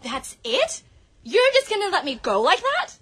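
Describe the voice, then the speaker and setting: Woman playing an overdramatic young girlfriend; high, bright, swooping voice. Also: wildly swooping pitch, normal speed, heavily acted. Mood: melodramatic. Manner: melodramatic, giggly. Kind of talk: ad-libbed comedy sketch. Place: radio studio.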